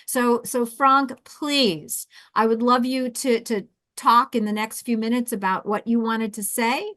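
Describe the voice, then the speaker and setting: A woman with a South Jersey accent hosting a webinar, coaching with lively restarts and repeated words. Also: on the high side, a little slow, no room sound. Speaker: webinar host and intercultural coach.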